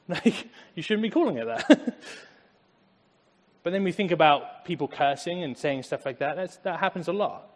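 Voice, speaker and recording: An English man with an English accent giving a casual, conversational Bible talk, animated and acting out little asides. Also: on the high side, measured pace, pauses often, long reverb tail. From England. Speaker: Bible teacher.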